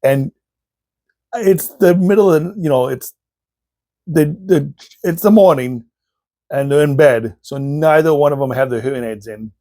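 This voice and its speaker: A man's voice: fairly high pitch, a little slow, long pauses, dark tone, no room sound. A man hosting a casual show, telling funny family stories and laughing often as he talks. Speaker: podcast host. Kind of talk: casual storytelling.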